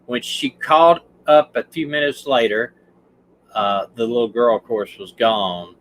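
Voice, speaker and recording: A man with a Southern US accent and a mid-range voice speaks at a measured pace, hosting a livestream as a retired detective going over a case casually. The audio is poor, and he rambles, restarts sentences, and stumbles over words.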